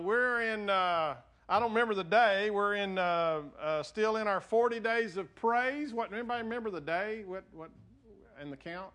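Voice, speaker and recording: A male pastor speaks to his church congregation in a folksy, joking, conversational way. His voice sits high for a man, and he talks in loose phrases full of fillers. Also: fairly bright tone. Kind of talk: sermon. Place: church sanctuary.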